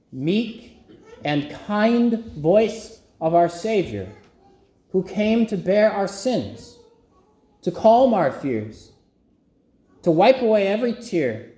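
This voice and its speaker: A man preaching a sermon as pastor, slow and emphatic with long pauses. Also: high-pitched, mellow, roomy sound.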